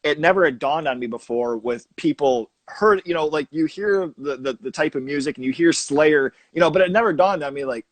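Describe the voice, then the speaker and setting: A man's voice: a little high, a little fast, few pauses, dry recording. A man hosting an interview, easygoing and casual, laughing and agreeing often. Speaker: podcast host.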